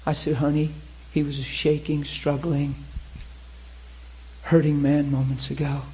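A man preaching a sermon, telling a story with lively acted-out quotes. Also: on the high side, a little slow, a little hiss or hum. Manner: animated, acts out quoted voices. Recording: muffled lo-fi sermon recording.

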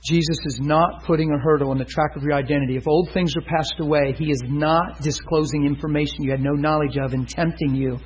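A man's voice: a little high, steady tone, fairly quick, few pauses, breathy edge, dull audio. A man preaching a storytelling sermon, acting out the dialogue with laughter.

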